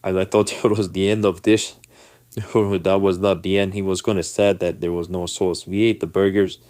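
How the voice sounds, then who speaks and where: A man with a low, deep voice, recorded close and dry, telling a personal story to camera. He talks casually and with animation, slipping into the voices of the people he describes. English is not his first language. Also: level tone, moderate pace, darkish tone, no echo.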